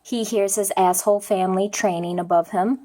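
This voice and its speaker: A young woman reviewing manga chapters, overwrought, half crying and shouting as she retells the story, swearing freely. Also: medium pitch, fairly even intonation, a little fast, very noisy.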